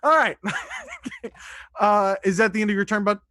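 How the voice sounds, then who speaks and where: A man narrating as dungeon master in a streamed tabletop game, describing combat in a lively, descriptive way. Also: sits high, fast talker, no room sound.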